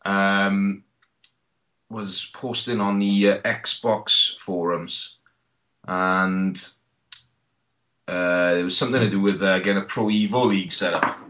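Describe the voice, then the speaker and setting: A man's voice: deep voice, fairly even intonation, slow, long pauses, a bit bright. A man from Britain chatting as a podcast guest, rambling and swearing, laughing often. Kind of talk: casual chat. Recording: dull lo-fi podcast audio.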